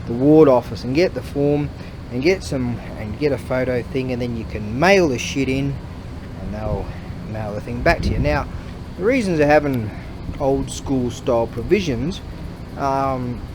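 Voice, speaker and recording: A man's voice: mid-range voice, measured pace. A man hosting a podcast, rambling and grumbling with lots of swearing and laughter while he walks along a street. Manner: profane, grumbling, laughs often. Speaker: podcast host. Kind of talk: rambling casual monologue. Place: outdoors on a street, walking. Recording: traffic noise in the background. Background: passing vehicles.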